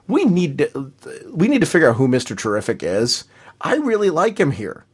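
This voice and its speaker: A man's voice: a little high, wildly swooping pitch, normal speed, slightly rough. A man co-hosting a podcast in casual chat, emphatic and enthusiastic, often repeating his points. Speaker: podcast co-host.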